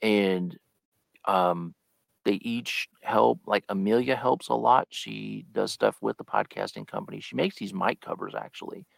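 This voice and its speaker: A man's voice: on the low side, sing-song, unhurried, creaky, no room sound. A man chatting as a guest on a live podcast, telling a story and acting out the lines he quotes. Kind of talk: casual live podcast chat.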